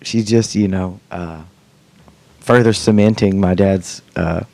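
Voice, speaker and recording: A man's voice: low-pitched, slow pace, creaky, darkish tone, dry recording. A middle-aged man hosting a podcast, chatting casually, rambling and joking with plenty of swearing. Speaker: podcast host. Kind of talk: casual chat.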